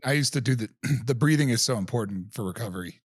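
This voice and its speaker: A man's voice: medium pitch, lively intonation, quick pace, husky, no echo, studio quality. A man hosting a podcast, chatting casually and rambling through his own experience with many restarts. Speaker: podcast host. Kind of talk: casual chat.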